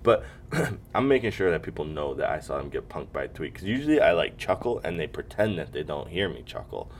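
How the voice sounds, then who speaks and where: A man's voice: extremely low pitch, sing-song, fairly quick, slight background noise. A man hosting a solo podcast, joking and ranting casually with lots of swearing and mocking impressions. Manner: casual, profane, jokey, slips into mocking impressions. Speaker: podcast host. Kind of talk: solo comedic podcast rant.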